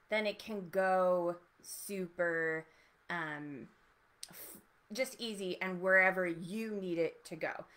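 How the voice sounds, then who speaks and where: A woman voice teacher giving an encouraging, explanatory lesson with relaxed spoken demonstrations. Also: medium pitch. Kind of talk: online voice lesson.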